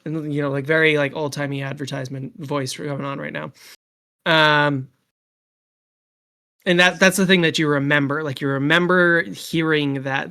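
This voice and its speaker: A man's voice: fairly high pitch, fairly even intonation, normal speed, sharp tone. A man running a tabletop game as game master, narrating in a rambling way with many fillers. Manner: rambling, many ums and likes. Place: home setup, streamed live.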